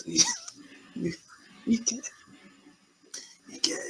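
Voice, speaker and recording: A man playing a tabletop role-playing game, speaking partly in character to other characters, slow and musing. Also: sharp tone, slight background noise, poor audio. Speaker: player.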